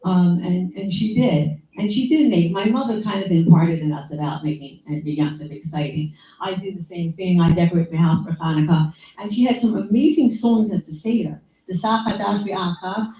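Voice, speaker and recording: A woman speaks informal memorial remarks in a mellow, darker voice. She rambles conversationally, with asides and quoted lines. She is heard from a distance in an echoey room. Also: lowish voice, moderate pace. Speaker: younger sister giving memorial remarks.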